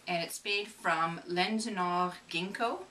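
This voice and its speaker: Her voice is lowish with a sharp edge, and she takes her time speaking. She's a chatty, self-deprecating co-host of a casual knitting podcast, getting over a cold. The distant mic picks up faint room noise.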